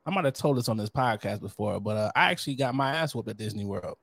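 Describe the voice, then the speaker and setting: Young male podcast co-host, lively storyteller who laughs often, dry close recording. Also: fairly low pitch, quick pace, no room sound. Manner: animated, laughs often, acts out quotes. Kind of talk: casual chat.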